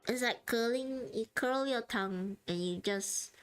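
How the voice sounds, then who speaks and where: Giggly woman streamer, fairly high voice. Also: measured pace, clear, resonant tone. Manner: giggly and chatty, often laughing mid-sentence. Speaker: streamer drawing live. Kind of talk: casual livestream chat.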